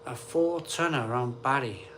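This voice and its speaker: A man's voice: medium pitch, normal speed, fairly bright tone, slight background noise. A man hosting a casual live stream, reading out viewer comments and answering them in an offhand, chatty way.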